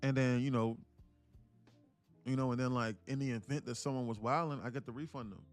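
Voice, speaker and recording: A man's voice: mid-range voice, steady tone, brisk, faint music behind. A man with a New York accent hosting a day-trading livestream, talking casually in loose, profane street slang and repeating phrases in chant-like runs. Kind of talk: casual live-stream commentary.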